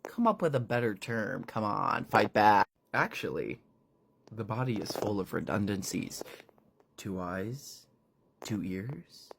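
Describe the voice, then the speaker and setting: A storyteller voicing a menacing male villain who taunts his captive in a low, breathy voice with sudden quick jabs. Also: big pitch swings, noisy background, full character voice. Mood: taunting.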